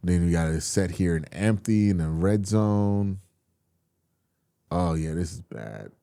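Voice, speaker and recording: A man's voice: low voice, measured pace, vocal fry, dry recording, studio quality. A man hosting a casual football film review, talking straight to his viewers and getting exasperated, with some swearing. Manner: animated, exasperated, swears, addresses viewers as y'all. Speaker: football film breakdown host.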